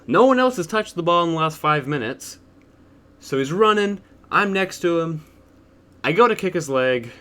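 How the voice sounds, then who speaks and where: Bright-voiced man rambling through a story. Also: mid-range voice. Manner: rambling, offhand, self-deprecating. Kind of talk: casual storytime narration.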